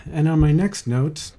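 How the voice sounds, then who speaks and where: A man's voice: a little high, warm tone, a little hiss or hum. A man co-hosting a podcast, ranting and sarcastic in casual comedic chat. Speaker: podcast co-host.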